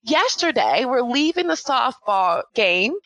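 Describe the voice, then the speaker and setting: This is a woman in her thirties with a bright, forward tone, telling stories about her children in casual conversation. She animates the quotes with little voices and laughter. The sound is dry and close. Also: a little high, big pitch swings, a little slow, no echo, poor audio. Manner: chatty storyteller, acts out quoted voices with laughs. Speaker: podcast guest, mother of three. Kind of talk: casual interview chat.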